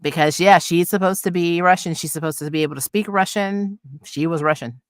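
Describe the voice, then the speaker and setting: A woman co-hosting a casual podcast chat about comics and films, animated and quick with laughs and asides. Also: fairly low pitch, dry recording, studio quality. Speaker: podcast co-host.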